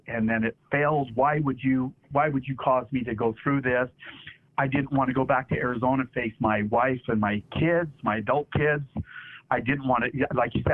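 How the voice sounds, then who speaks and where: Earnest, halting middle-aged man on tinny radio. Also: mid-range voice. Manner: halting and earnest, repeating words. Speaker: interview guest. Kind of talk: personal testimony. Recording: tinny phone-like radio sound.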